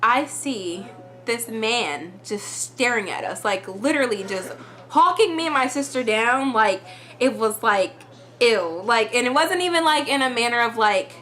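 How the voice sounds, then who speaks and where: Young female vlogger, chatty storytime delivery, bright tone. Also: a little high, animated, unhurried, soft background music. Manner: chatty, full of "like" fillers. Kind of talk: storytime vlog.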